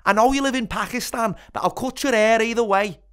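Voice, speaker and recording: Guy doing a smooth swaggering rock band frontman, bragging. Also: very high-pitched, fairly quick, fairly bright tone, pitched above the performer's own voice. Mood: cocky. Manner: boastful, swaggering.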